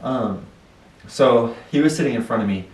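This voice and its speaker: Young male podcast co-host, animated storyteller, roomy room, mic a bit far. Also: medium pitch, normal speed. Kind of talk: casual chat.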